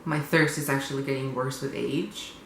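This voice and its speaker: A young man vlogging casually and bluntly, sarcastic and quick to swear. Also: mid-range voice, fairly even intonation, creaky, fairly bright tone, reverberant, a little hiss or hum, low-quality recording. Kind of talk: confessional casual vlog.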